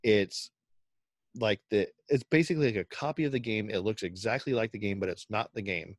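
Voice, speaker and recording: A man's voice: lowish voice, fairly quick, dry recording. A man co-hosting a podcast, telling stories in casual chat full of fillers and acted-out quotes. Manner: rambling, filler-heavy storytelling with acted-out quotes. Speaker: podcast co-host.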